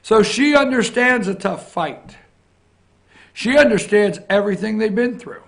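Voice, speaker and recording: A man's voice: high-pitched, lively intonation, normal speed, gravelly, a bit bright. A man hosting a morning opinion show, talking through the news in blunt, combative, mocking commentary. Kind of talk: rambling political commentary.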